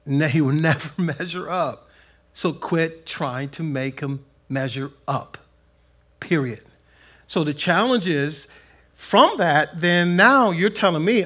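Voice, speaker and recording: A middle-aged pastor preaching a sermon, animated, acting out quotes in a raised voice. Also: male voice, fairly high pitch, measured pace, slightly rough.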